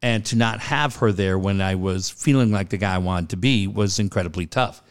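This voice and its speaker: A man's voice: low voice, normal speed, clean tone. A middle-aged man, a podcast co-host, telling a personal story in an earnest, conversational way. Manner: earnest, conversational, hesitant with fillers. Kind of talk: personal storytelling in casual chat.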